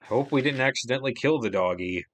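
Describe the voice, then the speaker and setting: A man's voice: mid-range voice, expressive, quick pace. A man streaming a video game live, chatting casually and rambling between remarks, with an easy, offhand swear here and there.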